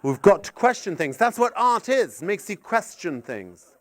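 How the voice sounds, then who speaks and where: An older man doing a stand-up comedy set, his high voice leaping up and down wildly. He rambles through absurd tangents, drops to muttered asides, then builds into sweary shouted rants. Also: very animated, a little slow, dry recording. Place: live comedy gig in an art gallery.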